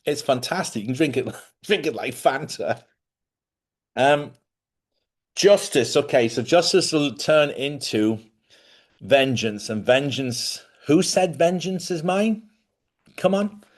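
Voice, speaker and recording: Man, spiritual host, chatty, animated, laughs a lot, mid-pitched voice. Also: measured pace, long pauses. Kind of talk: live-stream spiritual talk.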